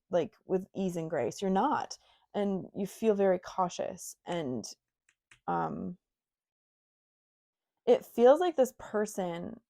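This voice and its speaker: A young woman with a slightly low voice talks through a tarot card spread for her viewers. She sounds casual and frank, filling her speech with "um" and "you know" and throwing in blunt personal asides. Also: gravelly, dark tone. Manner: chatty and frank, with many fillers and asides. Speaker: tarot reader. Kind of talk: casual intuitive tarot reading.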